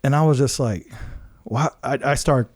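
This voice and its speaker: Man telling a story with animated quotes. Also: medium pitch, normal speed. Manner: animated, acts out quotes, laughs often. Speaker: podcast host telling his story. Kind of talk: casual storytelling.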